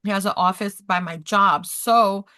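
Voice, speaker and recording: A woman's voice: medium pitch, measured pace. A woman in her thirties on a podcast, casually telling a personal story and animatedly acting out the dialogue. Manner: animated, acts out quoted dialogue, talks with her hands. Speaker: podcast guest.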